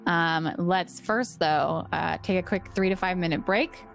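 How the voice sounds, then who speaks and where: A woman running a tabletop game as game master, explaining rules in a relaxed, chatty way. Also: on the low side, a little slow, creaky.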